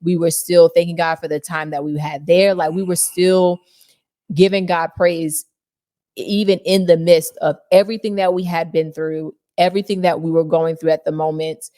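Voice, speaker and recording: Low-voiced earnest woman, dry sound. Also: fairly even intonation, normal speed, dark tone, no echo. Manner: earnest, speaks of faith and thankfulness. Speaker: podcast co-host. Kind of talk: casual reflective storytelling.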